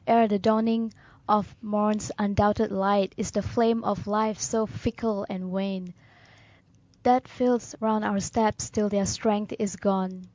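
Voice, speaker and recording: A woman co-hosting a radio talk show, reading poems aloud in a measured, solemn way. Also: medium pitch, steady tone, a little mellow, dry recording, dull audio.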